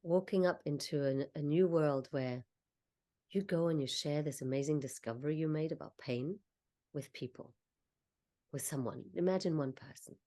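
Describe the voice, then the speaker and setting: A woman coach leading a slow, soothing guided visualization, talking the listener through each step. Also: sits low, mellow. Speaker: confidence coach.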